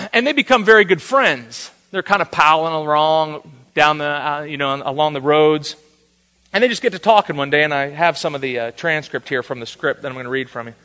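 Forceful storytelling male preacher. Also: a little high, a little fast, in a large hall. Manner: animated storyteller, acts out the quotes. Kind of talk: sermon with storytelling.

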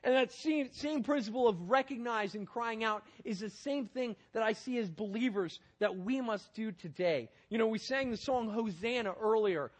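Male preacher with a high voice, earnest sermon delivery, urgent then hushed in prayer. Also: normal speed, few pauses. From Northern Virginia, USA. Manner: earnest, swings from loud urgency to quiet prayer.

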